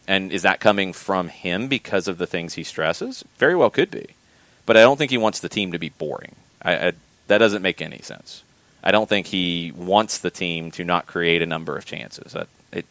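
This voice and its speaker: Talking soccer on an informal podcast, this man has a very low voice with a slightly bright edge. He's measured, often backing up to restart a phrase as ideas come, and the sound is intimate and dry with no echo from the room.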